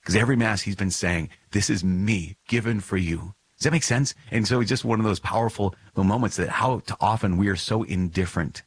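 A man's voice: lowish voice, fast, hardly any pauses, husky, no echo. A man hosting a podcast, reading and reflecting on a religious text. He speaks earnestly and emphatically, often repeats phrases, and chuckles now and then. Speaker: podcast host.

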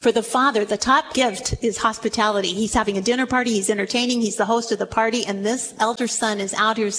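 High-pitched woman giving a sermon, lively and dramatic, faint noise behind. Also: quick pace, rough recording. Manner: animated, dramatic retelling with acted quotes. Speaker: preacher. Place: room with audience.

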